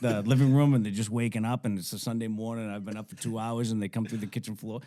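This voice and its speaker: A man's voice: fairly low pitch, fairly even intonation, quick pace, mellow. A man in casual podcast chat, rambling in a laid-back way about home life. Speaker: podcast co-host.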